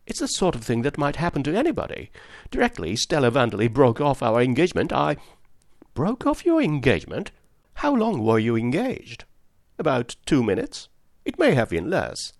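A man reading the part of a frazzled, nervous young gentleman who rambles through his story in rapid, breathless chatter. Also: mid-range voice, huge pitch swings, no echo, studio quality. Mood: jittery.

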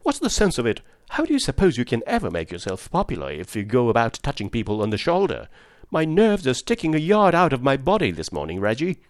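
A man reading the part of a frazzled, nervous young gentleman who rambles through his story in rapid, breathless chatter. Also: medium pitch, wildly swooping pitch, dry recording, clean studio sound. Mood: jittery.

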